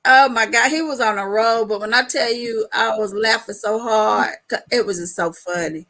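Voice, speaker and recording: A woman hosting a casual live chat, telling animated stories in a loose colloquial way and laughing often. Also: on the high side, normal speed, low-quality recording. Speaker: host.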